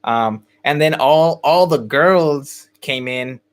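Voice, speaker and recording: A man's voice: on the high side, slow pace, clear, resonant tone. A young man hosting a podcast, telling a story in casual chat with many fillers and restarts. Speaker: podcast host.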